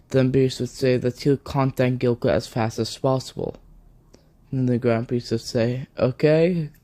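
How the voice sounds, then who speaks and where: A man tells an improvised fan story in a rambling way, chaining event after event. His delivery is slow and unhurried. His voice has a mellow, darkish warmth. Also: mid-range voice. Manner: rambling, strings events together with "then". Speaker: video narrator.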